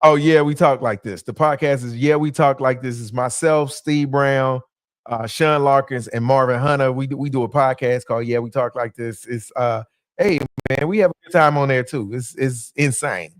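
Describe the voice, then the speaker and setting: A man's voice: mid-range voice, normal speed, no room sound, studio quality. A man speaking as a comedian guest on a podcast, laid-back and joking, with lots of fillers and restarts. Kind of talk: casual podcast chat.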